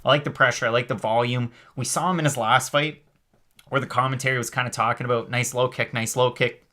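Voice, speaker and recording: A man hosting a live MMA stream, talking fast and chatty with lots of fillers while reading out the chat. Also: medium pitch. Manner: energetic, rapid, chatty with many fillers. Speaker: host of a live MMA show.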